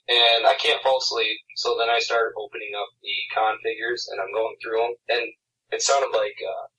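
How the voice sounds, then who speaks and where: A man's voice: on the low side, a bit bright, recorded from a distance, low-quality recording. A man on a podcast telling a long story in a casual, rambling way, full of "like" and laughs. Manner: rambling, laughing, lots of "like" and "I'm like". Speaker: podcast co-host.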